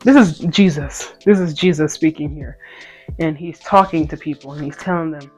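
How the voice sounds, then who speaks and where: Animated young storyteller, faint music behind. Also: mid-range voice, moderate pace. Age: 20s. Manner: animated, swinging between loud outbursts and hushed asides; playful slangy banter with viewers. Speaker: content creator. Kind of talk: casual storytime and Bible talk. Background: faint background music.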